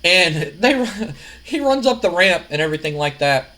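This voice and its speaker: A man casually narrating a wrestling sim game, rambling and animated with lots of fillers. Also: high-pitched, moderate pace, poor audio. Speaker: gaming video host.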